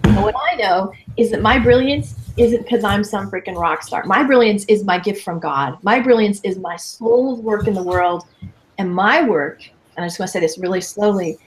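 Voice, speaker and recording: Guest coach, woman in her fifties, emphatic, conversational, energetic delivery. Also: medium pitch, moderate pace, slight background noise. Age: 50s. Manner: lively, emphatic, quotes people in playful voices. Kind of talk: casual interview chat.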